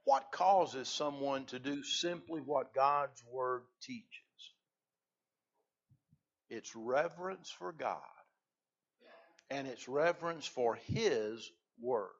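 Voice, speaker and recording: A man's voice: takes it slowly, pauses often. Dull lo-fi recording of a man preaching. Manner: swells loud on key phrases, then drops low. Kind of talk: sermon.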